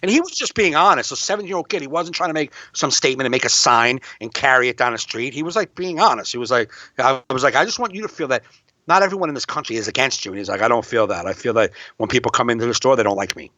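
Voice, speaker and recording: A man's voice: medium pitch, lively intonation, fast, sharp tone, no room sound, muffled recording. A man co-hosting a podcast, chatting casually and breaking into heated, profane rants. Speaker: podcast co-host. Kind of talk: casual chat.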